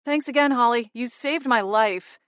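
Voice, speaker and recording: A woman's voice: a little high, moderate pace, a bit bright, clean tone, no echo, clean studio sound, voice pushed up, lightly acted. A woman voicing a frazzled young barista in her twenties in an audiobook, in a harried, grateful tone. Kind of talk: audiobook character reading.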